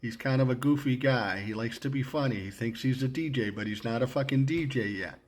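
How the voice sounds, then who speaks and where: A man's voice: medium pitch, fairly quick. A man in his sixties telling a story from his past in a blunt, profane, casual way, acting out his own lines with a rising voice. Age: 60s. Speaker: storyteller recalling his radio career.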